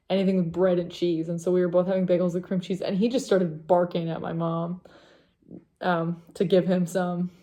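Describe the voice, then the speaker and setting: Low gravelly woman chatting casually. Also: warm tone. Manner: rambling, with many fillers and asides to her dog. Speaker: knitting vlog host. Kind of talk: casual chat to camera.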